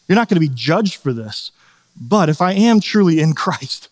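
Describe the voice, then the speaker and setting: A man preaching a sermon as pastor, earnest and animated, sometimes acting out quoted voices. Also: a little high, normal speed, big-room sound.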